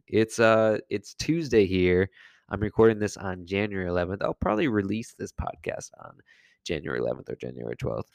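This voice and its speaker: A man's voice: sits low, creaky, no echo. A man hosting his own health and wellness podcast alone in his apartment, talking casually in a goofy, self-mocking way and laughing often. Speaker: podcast host and health coach. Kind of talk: casual solo podcast monologue.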